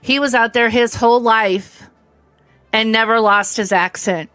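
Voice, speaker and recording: A woman's voice: fairly high pitch, fairly even intonation, unhurried, a bit bright, no room sound. Chatty fifties woman with a faint Southern twang. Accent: slight Southern American. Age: 50s. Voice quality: hard of hearing. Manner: chatty, rambling, laughs easily, greets viewers by name. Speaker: livestream host. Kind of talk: casual chat with viewers while streaming a game.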